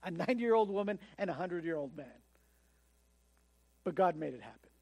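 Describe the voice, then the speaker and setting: A man's voice: high-pitched, animated, a little fast, creaky, darkish tone, no room sound. A man preaching a sermon in a conversational way, often acting out the voices of the people he quotes. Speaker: pastor.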